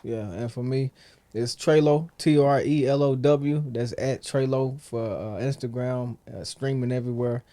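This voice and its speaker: Animated, joking rapper. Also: male voice, moderate pace. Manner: animated, joking, trails off low. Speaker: rapper, guest. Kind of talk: casual interview chat.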